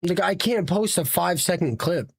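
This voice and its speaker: A man's voice: sits high, lively intonation, moderate pace, vocal fry, breathy edge. A young man in casual live-stream chat as a streamer, ranting animatedly with rhetorical questions and tired after a long session.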